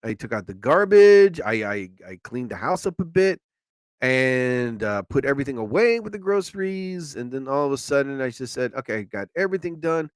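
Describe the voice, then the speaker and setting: A man's voice: mid-range voice, normal speed, clean tone, dry recording. Guy rambling on his live show, voice jumps all over, dry close mic. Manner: animated storyteller, acts out quotes. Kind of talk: rambling solo chat.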